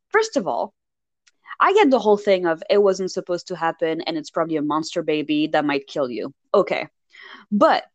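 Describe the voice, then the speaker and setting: A woman chatting casually, recapping a film with exasperated, animated storytelling and mocking voices. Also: on the low side, normal speed, no room sound, dull audio. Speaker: podcast co-host recapping a film. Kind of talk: casual chat.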